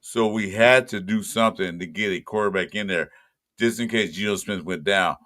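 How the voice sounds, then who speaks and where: A man's voice: fairly low pitch, moderate pace, pushed and bright. A man co-hosting a podcast in casual sports chat, jokey and emphatic, often repeating himself. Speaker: podcast co-host.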